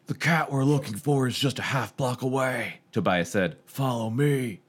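A woman's voice: rumbling low, moderate pace, husky. A woman co-hosting a casual podcast over a video call, reading a novel aloud with sarcastic, swearing asides.

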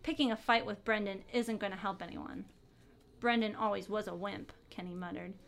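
A woman's voice: mid-range voice, moderate pace, vocal fry, a bit bright. A woman reading a story aloud during a comedic group reading, cracking dry jokes.

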